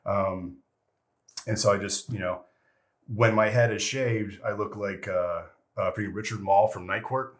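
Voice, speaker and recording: A middle-aged man with a very low, deep voice, talking as a guest on an interview podcast. He rambles through old service stories with plenty of "you know" and "freaking" along the way, and the odd curse slips in. The delivery is loose and conversational. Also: fairly even intonation, measured pace. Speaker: interview guest, retired military veteran. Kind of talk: casual storytelling interview.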